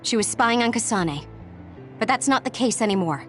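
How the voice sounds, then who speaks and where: A woman's voice: a little high, expressive, normal speed, a bit bright, soft background music. An actress playing a loyal, outspoken young woman who speaks firmly and emphatically in a game cutscene. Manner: firm, emphatic.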